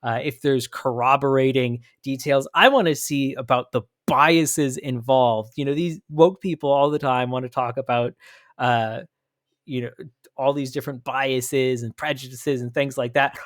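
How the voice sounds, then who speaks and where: A man's voice: medium pitch, moderate pace, dry recording. Man, Pacific Northwest, podcast host, commentary, emphatic, restarts a lot, dry close sound. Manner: animated and emphatic, with frequent restarts. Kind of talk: commentary on a played clip.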